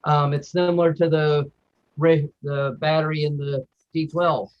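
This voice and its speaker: A man's voice: fairly high pitch, little pitch movement, measured pace, lo-fi sound. A man in a casual group chat, talking in an easygoing, matter-of-fact way.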